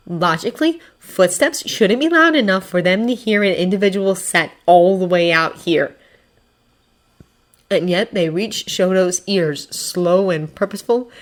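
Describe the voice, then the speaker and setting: A woman narrating fiction as an audiobook, expressive and voicing characters. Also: on the low side. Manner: expressive, acting out voices. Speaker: fanfiction reader.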